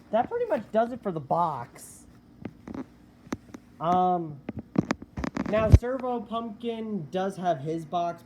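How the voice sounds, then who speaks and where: A man giving a casual product review of a collectible animatronic, unhurried and hesitant, with many filler words. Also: on the high side, a little mellow, a little hiss or hum.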